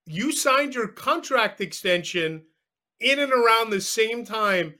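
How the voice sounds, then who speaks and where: Male guest, sports writer, high and bright-toned, chatty, hedging and self-correcting as he recalls things. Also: expressive, takes it slowly. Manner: thinks aloud, second-guesses himself. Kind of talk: casual chat.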